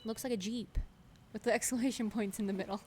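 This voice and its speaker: A woman's voice: a little high, fairly even intonation, fast talker, darkish tone. A young woman chatting casually on a gaming stream, giggly and reading chat aloud. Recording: game music clearly heard behind. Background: game music.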